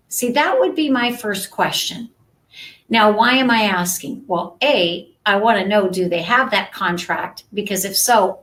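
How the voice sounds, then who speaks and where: This live-stream sales coaching comes from a woman whose voice is medium-pitched and fairly bright, captured in poor audio. She talks conversationally and regularly checks in with viewers using "right?" and "okay?".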